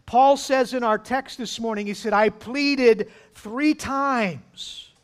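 A man's voice: extremely high pitch, slow pace, smooth. A man preaching a sermon as pastor, emphatic, acting out voices from the scripture. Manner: emphatic, acts out pleading voices.

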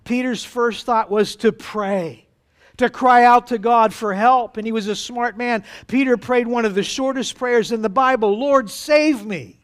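A pastor preaching a sermon to his congregation, with dramatic pauses and acted-out quotes. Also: extremely high pitch, fairly even intonation, clear, resonant tone.

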